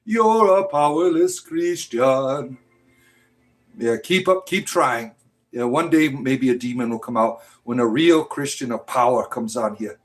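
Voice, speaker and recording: A man's voice: mid-range voice, normal speed. A man hosting a livestream in casual, provocative talk, mocking and taunting his viewers. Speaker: livestream host.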